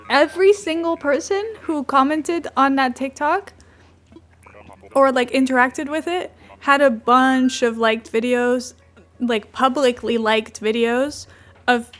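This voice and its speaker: A woman's voice: high voice, slow pace, pauses often, fairly bright tone. A woman streaming a game in a casual, rambling chat who keeps breaking off to coo at her cat.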